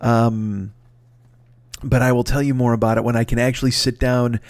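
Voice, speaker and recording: A man's voice: mid-range voice, level tone, normal speed, no room sound. A man hosting his podcast, under the weather, rambling and swearing with many restarts in a casual solo announcement. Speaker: podcast host.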